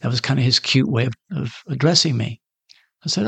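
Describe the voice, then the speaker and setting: A man's voice: mid-range voice, a little fast, vocal fry, fairly bright tone, slightly rough, dry recording. A man preaching, telling a story in a conversational way and acting out the voices of the people in it. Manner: conversational, acts out quoted voices. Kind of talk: sermon storytelling.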